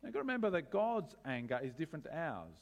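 A man preaching a sermon as pastor, animated, asking rhetorical questions with wry humor. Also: on the high side, fast talker, creaky.

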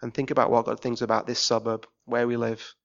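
An English man preaching a sermon in a church, swinging between shouted rants and quiet pleading. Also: mid-range voice, level tone, a little fast, creaky, muffled recording. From England. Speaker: visiting preacher.

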